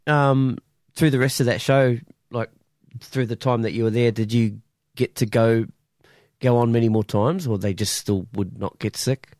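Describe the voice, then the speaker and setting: A man hosting a podcast, asking slow, halting questions in a casual interview. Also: medium pitch, fairly even intonation, a little mellow, dry recording. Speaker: podcast host.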